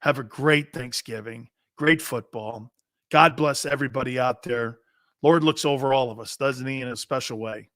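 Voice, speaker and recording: A man's voice: medium pitch, moderate pace, fairly bright tone, no echo, clean studio sound. A middle-aged man hosting a sports talk show, blunt and profane, joking with his chat. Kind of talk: loud, brash sports talk.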